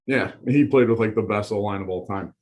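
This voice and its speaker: Low, mellow-voiced man coach. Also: a little fast, poor audio. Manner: easygoing, short agreeing replies. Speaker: college offensive line coach, guest. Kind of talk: casual chat.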